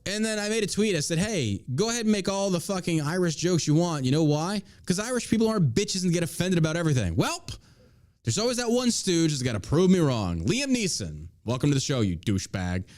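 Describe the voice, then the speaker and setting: With a voice on the high side, a little mellow and very animated, a podcast host speaks fairly quickly. His casual political commentary is a profane, mocking rant.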